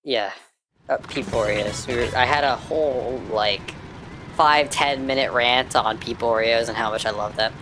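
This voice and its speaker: An American woman streamer in casual live-stream chat while gaming, ranting excitably and swearing freely. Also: extremely low pitch, normal speed, background noise. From United States.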